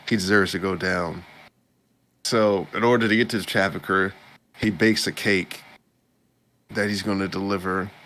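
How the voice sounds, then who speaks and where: A man hosts a podcast, casually recapping an anime episode while rambling, restarting often and chuckling. His voice is deep and a bit bright, with slight hiss or hum in the audio.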